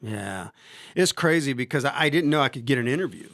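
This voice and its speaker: A man's voice: mid-range voice, lively intonation, brisk, creaky, fairly bright tone, dry recording, clean studio sound. A man in his fifties, a football coach hosting a podcast, telling long stories in a rambling way, with many fillers and restarts. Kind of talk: casual storytelling interview.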